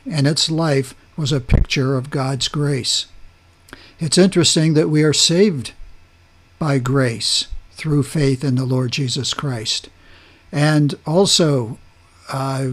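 A man teaching a verse-by-verse Bible study, reading scripture aloud and explaining word meanings, with frequent pauses and restarts. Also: on the high side. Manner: slow and deliberate, pausing and restarting as he explains.

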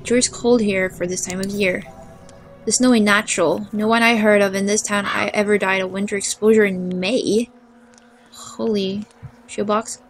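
A woman's voice: medium pitch, little pitch movement, moderate pace, soft background music. A woman playing a video game, reading its dialogue aloud and adding casual asides. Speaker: let's play gamer. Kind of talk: casual gameplay commentary.

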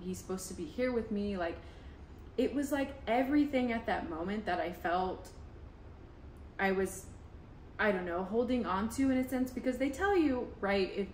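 A woman's voice: on the high side, animated, normal speed, long pauses, darkish tone, a little hiss or hum. A woman candidly telling a raw personal story on a podcast, talking casually and openly with lots of everyday fillers. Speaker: podcast host. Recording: echoey room.

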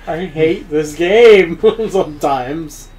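A woman's voice: low voice, drawn-out words, noisy background. A woman playing a video game for a let's play, laughing often and swearing at the game in casual commentary.

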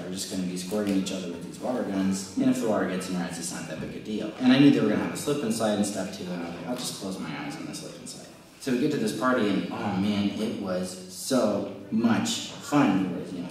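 A man's voice: mid-range voice, a little mellow. Young man, casual kids' storytelling, rambling with fillers, roomy echo, faint background hiss. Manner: chatty, rambling, lots of fillers. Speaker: children's message speaker. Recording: very echoey room from far off.

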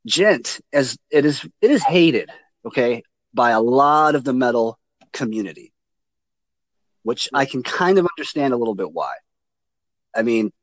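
A man with a lively, swooping voice talks on a casual podcast, cracking crude jokes and swearing freely. His voice is close and dry, with no room sound around it. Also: medium pitch, no room sound, poor audio. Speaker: podcast co-host. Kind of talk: casual chat.

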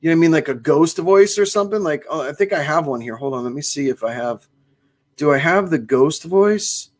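A man's voice: a little high, fairly quick. A man hosting a cigar shop livestream, chatting casually and enthusiastically as he reads viewer comments. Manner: chatty and enthusiastic, exclaims often.

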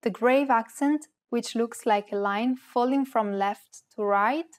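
Woman co-host reading lesson examples. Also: a little high. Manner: careful, deliberate reading of example words. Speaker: co-host giving example words. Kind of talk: scripted lesson narration.

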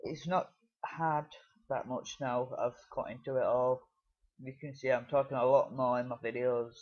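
A man's voice: mid-range voice, steady tone, moderate pace, muffled recording. A British man giving casual gameplay commentary, rambling with many fillers and restarts. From United Kingdom. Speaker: gaming video creator.

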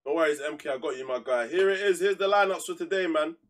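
On a live stream, a young man with a high-ish voice talks fast while casually narrating his football manager game. His slang-filled commentary erupts into heated outbursts, then sinks into mutters.

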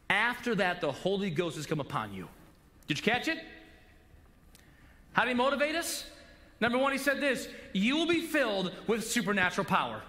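A male pastor in his forties preaching a sermon in a church, animated and acting out little dialogues. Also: high voice. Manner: animated, acts out coach-and-player dialogue. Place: church sanctuary. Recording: long hall reverb.

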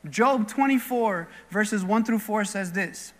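A man's voice: high-pitched, slow pace, in a large hall. A man preaching a sermon as pastor, speaking earnestly and conversationally and weaving in personal stories. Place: church sanctuary.

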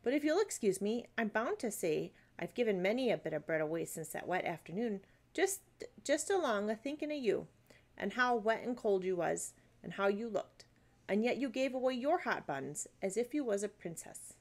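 A woman's voice: mid-range voice, lively intonation, normal speed. A woman voicing a kind, chatty working-class baker woman with homely, rustic speech, reading a storybook aloud. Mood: warm. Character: kindly working-class female baker, middle-aged, chatty.

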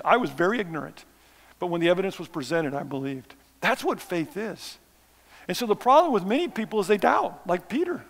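A man's voice: high voice, sing-song, fairly quick, vocal fry, long reverb tail. A man preaching a missions sermon, conversational and self-deprecating, with sarcastic asides. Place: church sanctuary.

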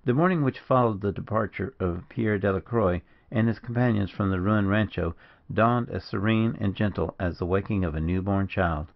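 A man reading a novel aloud as an audiobook narrator in steady, measured narration. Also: on the low side, creaky. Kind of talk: scripted narration. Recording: dull lo-fi recording.

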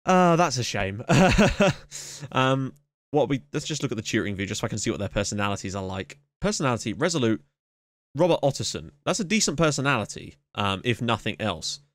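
A man hosting a let's play, giving excitable running commentary on a match with sudden yelps at big moments. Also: medium pitch, fast, no room sound. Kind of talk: casual gameplay commentary. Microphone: camera mic.

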